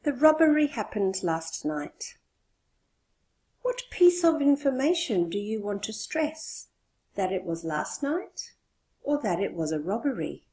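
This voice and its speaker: A woman teaching an English lesson, explaining slowly and stressing key words. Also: fairly high pitch, big pitch swings, mellow.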